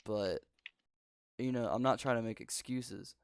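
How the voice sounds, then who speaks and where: A man's voice: medium pitch, a little slow, clean tone, no room sound. A teenage boy hosting a casual podcast chat, rambling and laid-back. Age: teens. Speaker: podcast host. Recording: dry home recording over spotty internet.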